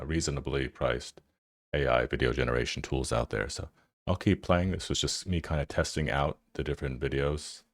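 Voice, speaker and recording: A man's voice: a bass voice, no room sound, clean studio sound. A man hosting a tech channel, giving loose, casual commentary over his screen and thinking aloud with fillers.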